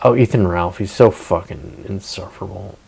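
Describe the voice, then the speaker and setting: A man's voice: low-pitched, moderate pace, creaky, darkish tone, husky, low-quality recording. Profane rambling male streamer. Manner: profane, rambling, sarcastic asides. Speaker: streamer host. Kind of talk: casual livestream rant.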